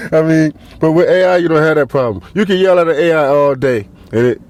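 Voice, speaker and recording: A man's voice: on the high side, dry recording. A man hosting a podcast, delivering a profane comedic monologue, acting out quotes and laughing at his own jokes. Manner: animated, swings loud and soft, acts out quotes. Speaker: podcast host.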